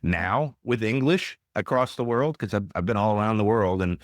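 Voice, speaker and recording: A man hosting a podcast interview, telling lively anecdotes in a casual way. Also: fairly low pitch, moderate pace, no echo, clean studio sound. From United States. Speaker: podcast host.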